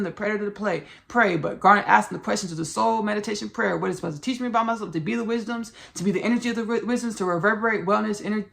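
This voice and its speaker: A woman with a medium-pitched voice and vocal fry hosts a podcast in a Southern US country accent. She gives a spiritual monologue that wanders, repeats and restarts often, with familiar asides that call listeners "y'all" and "baby."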